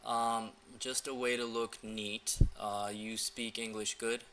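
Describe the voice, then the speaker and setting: A man's voice: fairly low pitch, flat delivery, slow, pushed and bright, a little hiss or hum. A young man in a loose, filler-heavy casual walkthrough, coaching viewers on dating messages. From United States. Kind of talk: casual screen-recording walkthrough.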